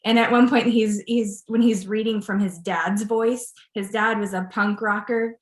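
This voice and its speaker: A woman gushes about an audiobook she loved, giggling as she talks. Her pitch is mid-range. The recording has a noticeably echoey room sound. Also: steady tone, a little slow. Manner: gushing and giggly. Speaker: library podcast co-host. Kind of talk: casual book chat.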